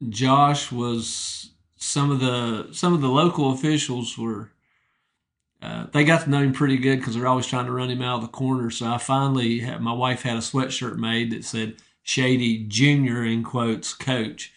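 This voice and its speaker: Gravelly middle-aged man telling plain stories. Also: mid-range voice, fairly even intonation, moderate pace, fairly bright tone. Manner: humble, straightforward, rambling anecdotes. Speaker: retired wrestling coach, guest. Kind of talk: casual interview storytelling.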